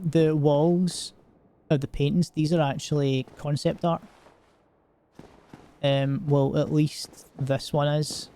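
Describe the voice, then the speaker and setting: Streaming a game, this young Scot speaks with a semi-Glaswegian accent in a slightly high, mellow voice, and a little hiss or hum sits under the recording. He rambles through casual, jokey chat loaded with fillers.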